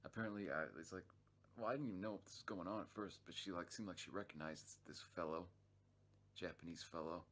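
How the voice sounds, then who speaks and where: Low-voiced man telling a rambling story. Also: fairly quick, a bit bright. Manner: rambling, swears freely, many restarts and fillers. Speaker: vlog narrator. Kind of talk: casual profane storytelling.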